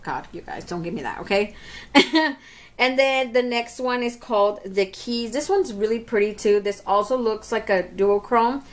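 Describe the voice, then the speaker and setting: A chatty woman with a fairly high voice walks through a makeup review as a beauty vlogger. She keeps turning to her viewers in a casual way and laughs easily at herself. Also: moderate pace. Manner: chatty, keeps talking to viewers as "you guys".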